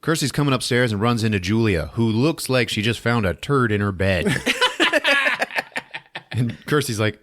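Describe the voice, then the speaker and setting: Animated man giving a comedic movie recap. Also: mid-range voice, unhurried, long pauses. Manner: animated, swearing, laughing often. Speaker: podcast host.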